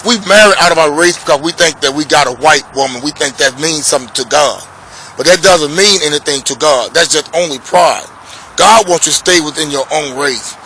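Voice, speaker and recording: A man with a fairly high, bright, forceful voice delivers a sermon outdoors. He preaches casually and emphatically, repeating his points and slipping into scripture recitation. Faint traffic hums behind him. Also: rough recording.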